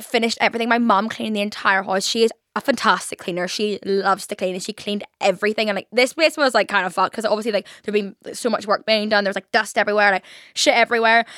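A young woman with an Irish accent chats alone into the mic for her podcast. She races through her stories, slightly high-voiced, with "like" in every other phrase and loose swearing. The sound is dry and close. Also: fairly bright tone, no room sound. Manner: rambling, lots of "like", swears freely. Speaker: podcast host. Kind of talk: casual chat.

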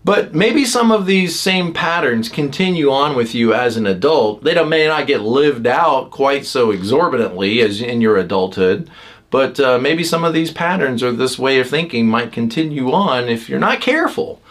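A man hosting a podcast, talking casually about personality types, with many fillers and quick acted-out lines from other people. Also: mid-range voice, expressive, fairly bright tone. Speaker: podcast host. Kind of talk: casual teaching talk.

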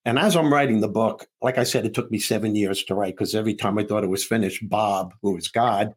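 A man with a slightly rough, husky voice, talking as a guest in an interview. He tells a story with comic timing and jumps in and out of the voices of the people in it, laughing along the way. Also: fairly low pitch, brisk. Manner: acts out dialogue between characters, laughing often. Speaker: guest author and comedian.

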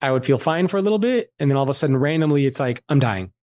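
A man guest on a podcast, telling a personal story in a candid, animated way and swearing freely. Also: fairly high pitch, racing, no echo. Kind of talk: casual storytelling interview.

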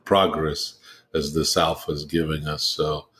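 A man's voice: a bass voice, little pitch movement, a little slow, fairly bright tone, slight background noise. A man co-hosting a gaming podcast, chatting casually and rambling a bit with lots of fillers. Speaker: podcast co-host. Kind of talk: casual chat.

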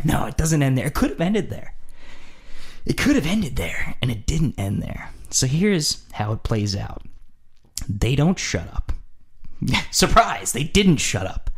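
A man telling a funny story in a casual podcast chat, acting out scenes and repeating lines for effect, close to a studio mic. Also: mid-range voice. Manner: animated, acts out scenes, repeats phrases for effect. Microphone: studio microphone.

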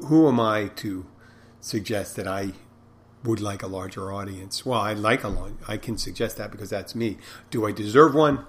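A middle-aged man with a slightly low voice talks through an unscripted podcast monologue. He wanders from topic to topic with a dry, joking manner and chuckles at his own stories. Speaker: podcast host and restaurant owner.

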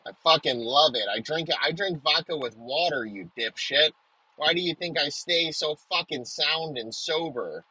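Man in a sharp, profane comic rant. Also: a little high, normal speed, slightly rough, dry recording, rough recording. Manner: aggressive, swears constantly, shouting insults. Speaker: comedian.

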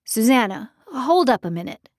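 A woman's voice: a little high, sing-song, moderate pace, dry recording, studio quality. A woman voicing a nervous, apologetic young man in an audiobook, eager and fretful as he talks. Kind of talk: audiobook character voice.

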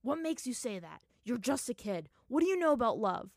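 A woman voicing a brooding, resolute young man with a quick temper, in a fan fiction reading. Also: fairly high pitch, sing-song, no echo, studio quality, voice pushed up. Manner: resolute, clipped. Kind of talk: fan fiction read aloud.

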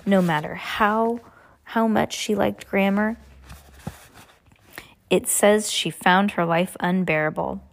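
A woman's voice: medium pitch, slow, gravelly, long pauses. A woman voicing an anxious, earnest teenage girl in a read-aloud story. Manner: earnest, upset.

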